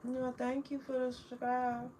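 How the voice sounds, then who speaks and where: A woman, chatting casually with viewers on a livestream, affectionate and quick to laugh. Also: high voice, monotone, warm tone, slight background noise, low-quality recording. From New Orleans, Louisiana. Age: 40s. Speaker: livestream host.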